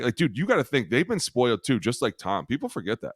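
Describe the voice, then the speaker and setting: A man co-hosting a football podcast, loud and animated, swearing through his rants. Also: mid-range voice, fast, breathy edge, no room sound, clean studio sound. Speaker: podcast co-host, former lineman. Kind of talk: profane sports banter.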